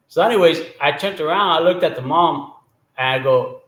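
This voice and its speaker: Male storyteller, higher-pitched voice, chatty and loose, clears his throat often, echoey room. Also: a little fast, a bit bright. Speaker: storyteller host. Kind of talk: casual joke storytelling.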